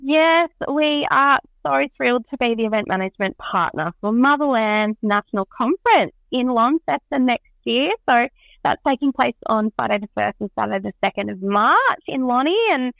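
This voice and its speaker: A woman's voice: fairly high pitch, expressive, normal speed, creaky, a bit bright, no echo, rough recording. Bubbly woman, dry close sound. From Australia. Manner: bubbly, enthusiastic, many "um"s. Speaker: guest, event organiser. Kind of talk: casual interview chat.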